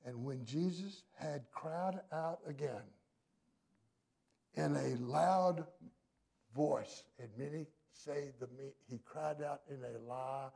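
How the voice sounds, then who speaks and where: A man preaching a sermon with a raised pitch and a gravelly edge to his voice. He drops to near quiet, then rises to loud, emphatic passages. His delivery is a pastor's, building on each point. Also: slow.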